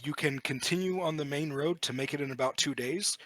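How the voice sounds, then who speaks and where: A man runs a tabletop game as its game master, narrating scenes with an easygoing flow and plenty of "uh"s. His voice is bright and forward, recorded close and dry with no room sound. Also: on the high side, brisk, no echo. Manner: relaxed, with frequent "uh" fillers.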